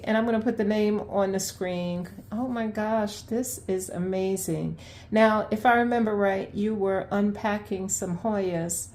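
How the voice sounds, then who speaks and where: Slow-talking excitable woman unboxing plants. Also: medium pitch, echoey room. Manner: excitable, gushing, laughs often. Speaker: plant vlogger. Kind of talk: unboxing vlog. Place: home, unpacking at the sink.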